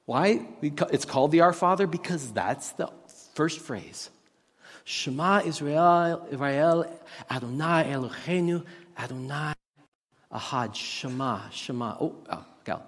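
A man preaching a sermon as pastor, teaching on Hebrew words with lively rhetorical questions. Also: a little high, a little slow, long reverb tail. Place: church sanctuary with tech team.

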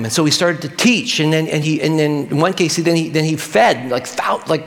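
Male pastor, sermon, animated, repeats phrases, slightly high voice, long hall reverb. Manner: animated, repeats key phrases, engages the audience directly.

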